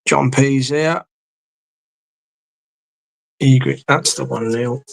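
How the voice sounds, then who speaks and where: A man's voice: mid-range voice, extremely slow, vocal fry, dry recording. Rambling, cursing man, dry sound. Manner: rambling, heavy swearing, trailing off. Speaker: live streamer. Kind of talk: casual late-night stream chat.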